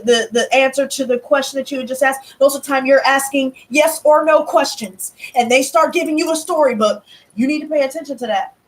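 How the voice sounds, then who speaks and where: A woman's voice: sits high, rough recording. A young woman tarot reader telling a story in a casual, blunt way, full of slang and swearing. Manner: animated, blunt, profane, heavy slang.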